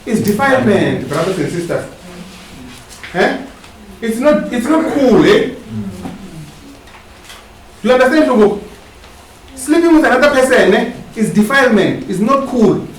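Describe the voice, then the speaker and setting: Male preacher, very high voice, call-and-response sermon, questioning tags on his lines; far from the mic in a very echoey hall. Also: sing-song, a little slow, pauses often. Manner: asks the congregation to finish his sentences. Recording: echoey hall, distant mic, faint hiss.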